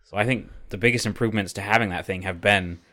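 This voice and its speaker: Male podcast co-host, lowish voice, rambling casual delivery with casual swearing. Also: fairly even intonation, fast talker, bright, forceful tone. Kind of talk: casual chat.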